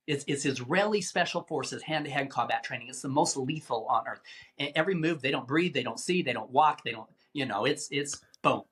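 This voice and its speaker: A middle-aged man, a podcast guest, recounting a tense rescue mission in vivid, animated storytelling with acted-out quotes. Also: medium pitch, a little fast. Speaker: guest, anti-trafficking rescuer. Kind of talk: dramatic storytelling in a podcast interview.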